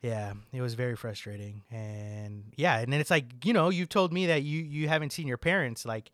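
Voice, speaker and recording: A man's voice: medium pitch, moderate pace, fairly bright tone, no echo. A man in casual chat with a friend, rambling, swearing often and filling his talk with "like". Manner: rambling, swears a lot, fills with "like".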